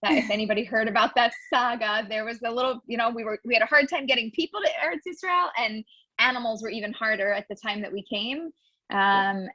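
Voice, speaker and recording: A woman in her forties chatting in an interview, telling animated stories and acting out quotes. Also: medium pitch, no echo. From United States. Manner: animated storyteller, acts out quotes. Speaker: guest, new immigrant. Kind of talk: casual interview chat. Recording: dull dry lo-fi sound.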